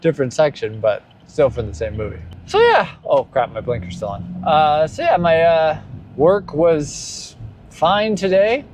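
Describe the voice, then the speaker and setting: A man's voice: expressive, a little slow, a little mellow. A man in his thirties talking candidly and rambling in a casual vlog, recorded while driving. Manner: candid and rambling, breaking into high exaggerated quotes. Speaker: vlogger. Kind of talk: casual spoken monologue. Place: inside a car while driving. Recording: car recording with faint road noise. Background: faint vehicle noise.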